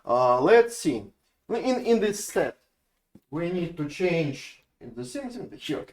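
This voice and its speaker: Speaking slowly in a fairly high, sing-song voice, a man with a Russian accent teaches a university lecture explaining code. As he goes through examples, he tends to restart phrases and say words twice.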